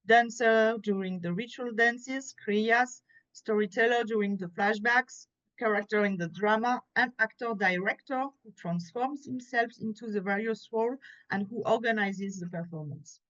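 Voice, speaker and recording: A woman with a French accent, reading an academic paper aloud at a conference in a careful, measured way, pausing now and then to correct a slip. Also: a little high, fairly bright tone. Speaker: conference speaker. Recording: muffled, lo-fi conference audio.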